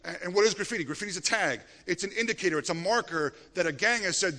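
A middle-aged male pastor preaching a sermon, animated and emphatic, with frequent restarts. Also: high-pitched, brisk, hardly any pauses. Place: church sanctuary. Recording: long reverb of a church hall.

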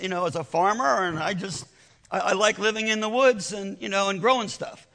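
A man's voice: high voice, vocal fry, a bit bright, in a large hall. An older man preaching a sermon in a conversational, persuasive way, telling his own story and restarting his words often.

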